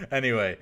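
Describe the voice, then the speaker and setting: A man's voice: mid-range voice, sharp tone. A man hosting a game tournament stream, chatting casually with many fillers as he commentates.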